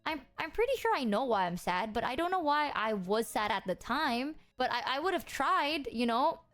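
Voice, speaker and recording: A young woman with a high voice that leaps all over the place tells a story on a stream. She is animated, swears freely and keeps reaching for "like". This is casual streamer storytelling. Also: moderate pace. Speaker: guest streamer.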